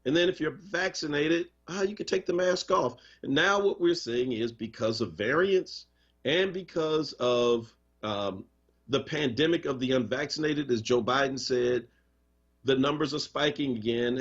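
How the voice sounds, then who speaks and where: Impassioned male talk radio host, husky. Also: fairly high pitch. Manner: impassioned, conversational, emphatic. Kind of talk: live radio talk, reading listener comments. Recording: muffled radio stream.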